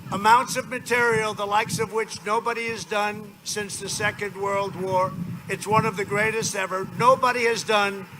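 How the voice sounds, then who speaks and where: Male politician at an open-air rally, rambling and boastful, noisy outdoor recording. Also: sits high. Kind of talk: campaign rally speech.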